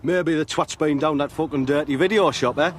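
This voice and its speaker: A man's voice: a little high, brisk, background noise, natural voice. A man doing a foul-mouthed mate. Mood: mocking. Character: foul-mouthed young Geordie mate, loud and coarse.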